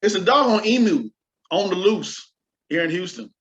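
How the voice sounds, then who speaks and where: Animated man, slightly high voice. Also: normal speed. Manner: animated, joking, laughs often. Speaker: podcast co-host. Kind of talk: casual chat. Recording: muffled lo-fi mic.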